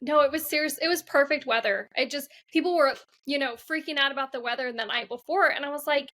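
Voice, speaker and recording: A woman's voice: sits high, fast, hardly any pauses, a bit bright. A woman co-hosting a podcast, chatting enthusiastically, heard a little off the microphone. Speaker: podcast co-host. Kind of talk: casual chat.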